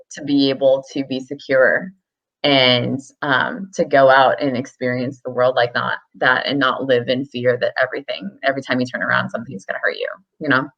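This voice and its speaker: A woman guest in a casual chat, speaking thoughtfully and hesitantly with frequent ums. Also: a bass voice. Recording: dull lo-fi sound.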